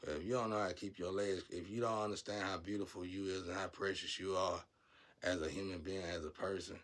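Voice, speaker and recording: A man vlogging a blunt, profane rant, scolding his viewers and swinging from low muttering to loud shouting. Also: steady tone, brisk. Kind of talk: ranting monologue to camera.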